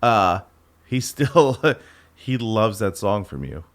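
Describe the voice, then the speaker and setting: A man's voice: fairly low pitch, big pitch swings, slow. A young man hosting a casual podcast, laid-back and profane, laughing often. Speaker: podcast host, son of the guest.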